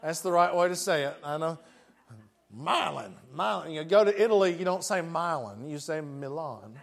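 A man's voice: high voice, quick pace. A man with a West Tennessee accent preaching a sermon in a folksy, joking way, laughing often.

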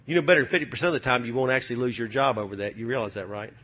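Forceful, bright-voiced male preacher. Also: mid-range voice, very fast, husky. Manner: emphatic, rallying with repeated calls to the congregation; poses rhetorical questions to the congregation. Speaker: pastor. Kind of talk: preaching a sermon.

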